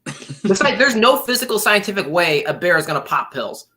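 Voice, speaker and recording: Animated, bright-voiced man. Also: high voice, normal speed. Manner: animated, excitable. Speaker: guest. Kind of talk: casual livestream chat.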